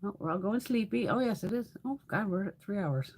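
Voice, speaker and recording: A woman's voice: medium pitch, expressive, brisk, background noise. A middle-aged woman hosting a beauty livestream, chatting casually with viewers, swearing freely and laughing often.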